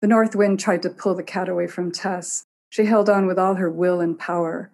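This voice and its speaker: A woman narrating a story in an expressive, measured reading. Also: lowish voice, slight background noise.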